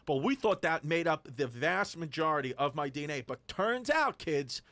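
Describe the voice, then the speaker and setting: High-voiced rambling comedian in his forties. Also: sing-song, moderate pace, a bit bright, dry recording. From Brooklyn. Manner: rambling, restarts, swears freely. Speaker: podcast co-host. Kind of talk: casual comedic banter.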